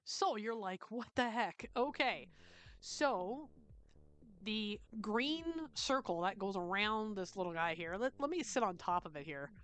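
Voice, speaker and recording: A woman with a Canadian accent hosting a screen-recorded software tutorial, chatty and checking in often with "okay?". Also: mid-range voice. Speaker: tutorial host.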